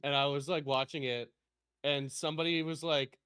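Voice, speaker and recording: A man guest streamer in casual chat, animated and laughing often, sometimes putting on voices. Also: fairly high pitch, normal speed, clear, resonant tone, dry recording, clean studio sound.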